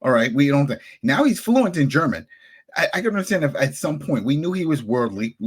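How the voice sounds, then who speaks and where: A man hosts a podcast in a heated rant, his voice huskier than most. His pitch leaps wildly up and down as he works himself up. He sounds angry and fired up throughout. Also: a little fast, husky. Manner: angry, animated ranting with sudden pitch jumps. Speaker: podcast host.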